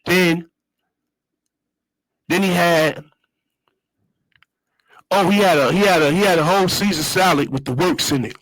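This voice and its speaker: A man's voice: high-pitched, measured pace, pauses often, fairly bright tone, no room sound, rough recording. Streetwise man with slangy, repetitive talk. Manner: streetwise slang, repeats phrases, loose storytelling. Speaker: show host. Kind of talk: casual monologue.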